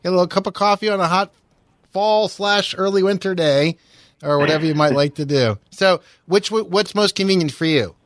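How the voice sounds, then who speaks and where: A male talk radio host, his voice sitting a little high for a man. He chats in a friendly, rambling way, full of fillers and restarts. The studio sound is close and dry. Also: a little fast, no echo. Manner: friendly, chatty, with frequent fillers. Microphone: studio microphone.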